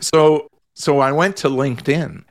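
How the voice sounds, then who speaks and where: A man's voice: a little high, steady tone, measured pace, heavy background noise. A man, a therapist guest in a casual radio chat, telling an exasperated story full of restarts.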